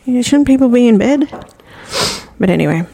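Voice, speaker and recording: A woman's voice: on the high side, animated, normal speed, creaky, dark tone, no room sound. A woman co-hosting a podcast in casual chat, blunt and swearing freely as she tells stories. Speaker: podcast co-host.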